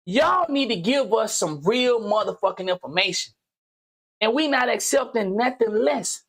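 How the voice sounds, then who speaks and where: Man, high-pitched voice, loud rant, slangy and profane, teasing, bursts of shouting. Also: moderate pace, gravelly. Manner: loud, animated, swings into shouting. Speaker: gaming channel host. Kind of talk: profane comedic rant commentary.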